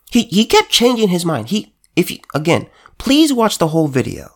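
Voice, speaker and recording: A man's voice: sits high, very animated, moderate pace, few pauses. A man delivering an emphatic, heated commentary monologue, repeating and restarting his phrases as he talks. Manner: repetitive, stumbling restarts, heated. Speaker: political commentator.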